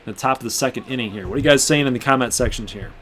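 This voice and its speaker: Young man, gaming channel host, casual play-by-play commentary, chatty, mid-pitched voice. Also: rapid-fire, a bit bright. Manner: chatty play-by-play, talking to viewers while playing.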